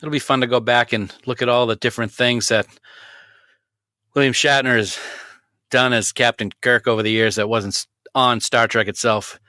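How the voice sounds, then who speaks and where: A man's voice: medium pitch, fairly even intonation, moderate pace, sharp tone, dry recording, studio quality. A man co-hosting a podcast in casual banter, ribbing his partner with playful jokes and chuckles. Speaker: podcast co-host.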